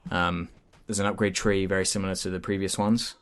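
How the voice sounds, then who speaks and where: Man, low-pitched, casual game review chat, lots of fillers and restarts. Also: flat delivery, brisk, smooth. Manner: chatty, hesitant, many fillers and restarts.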